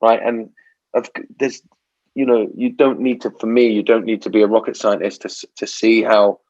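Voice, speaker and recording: A man's voice: lowish voice, flat delivery, moderate pace, darkish tone. Reflective male podcast host, slightly dull audio. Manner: reflective, many restarts and tag questions. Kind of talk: casual interview chat.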